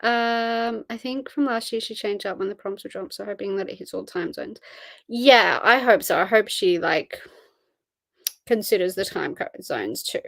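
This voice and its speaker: A woman's voice: medium pitch, moderate pace, vocal fry, fairly bright tone, no room sound. A tired young woman, chatting casually on a livestream and answering chat messages. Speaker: livestream host. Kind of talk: casual live-stream chat.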